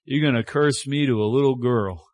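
Animated male preacher, dry close sound. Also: mid-range voice, normal speed, no room sound. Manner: animated storytelling, acts out voices, drops to a hushed tone for tender lines. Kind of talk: sermon.

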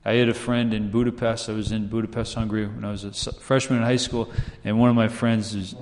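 Low-pitched and darkish, this pastor talks fast with a flat delivery. His sermon is conversational, peppered with "right?", and he voices the characters he quotes. The room has a long hall reverb.

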